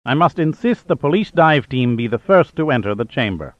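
A man's voice: medium pitch, big pitch swings, a little fast, no room sound, highs cut off, pitched above the performer's own voice, close to an everyday voice. A man putting on a blustering German official. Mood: indignant. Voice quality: broken English, demanding.

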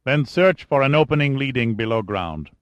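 A calm, decisive colonel giving orders, as a man reads him, measured and authoritative. The voice sits at a middle pitch and is recorded close and dry, with no room sound. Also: no echo, highs cut off, lightly acted.

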